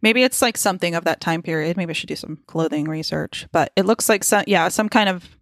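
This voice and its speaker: A woman's voice: lowish voice, fairly quick, no room sound, clean studio sound. A woman co-hosting a podcast, recapping a TV episode in casual, joking chat full of "like" and swearing. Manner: chatty and joking, lots of likes and swearing. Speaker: podcast co-host.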